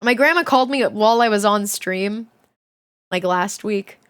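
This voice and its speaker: A woman's voice: mid-range voice, normal speed, clear, resonant tone. A young woman streamer reading a children's book aloud, chatty and giggly, breaking off to comment and swear casually. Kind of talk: casual livestream reading and chat.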